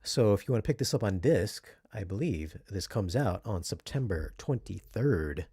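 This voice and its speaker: A man's voice: fairly low pitch, animated, normal speed, dark tone, breathy edge, no room sound. A man talking casually as a video reviewer, chatty and rambling, correcting himself and asking viewers questions. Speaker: home theater video reviewer.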